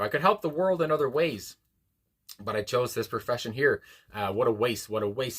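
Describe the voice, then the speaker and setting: A man's voice: medium pitch, fairly bright tone. A man hosting a music reaction video, talking casually about a song with lots of fillers and restarts, reading the lyrics aloud and commenting on them. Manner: rambling, many fillers and restarts. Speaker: music reaction channel host.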